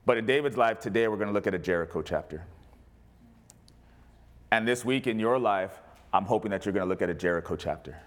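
A man preaching as a pastor, animated, rising to loud cries and dropping to quiet asides. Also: lowish voice, brisk, long pauses. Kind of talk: sermon.

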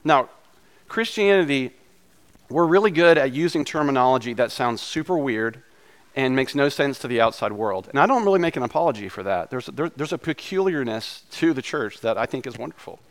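A man preaching a sermon in a relaxed, conversational way, mixing scripture with offhand personal asides. His voice sits at an ordinary middle pitch and carries a slight hoarseness left over from being ill. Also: fairly quick. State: slightly hoarse from recent illness. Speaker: pastor.

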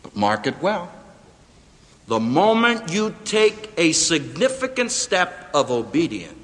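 A man preaching a sermon to a live audience, with dramatic emphasis that rises to near-shouts on quotes. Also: on the high side, very animated, takes it slowly. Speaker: preacher and seminary professor. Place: auditorium before a live audience. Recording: hall reverb, radio broadcast.

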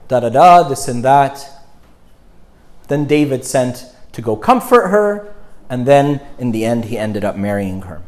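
A man telling a story in a sermon, animated, swinging between loud and hushed. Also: medium pitch.

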